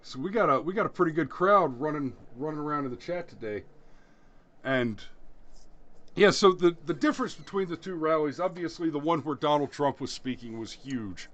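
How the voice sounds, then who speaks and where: A man's voice: a little high, lively intonation, moderate pace, fairly bright tone. A man hosting a podcast, telling rambling stories in a casual chat and laughing at his own jokes. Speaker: podcast host.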